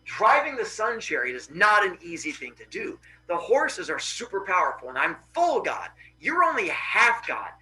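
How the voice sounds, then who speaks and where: A man's voice: high-pitched, huge pitch swings, moderate pace, few pauses, bright, forceful tone, exaggerated voice, rough recording. A man voicing a weary, dad-like adult sun god who talks in a casual, apologetic but firm way.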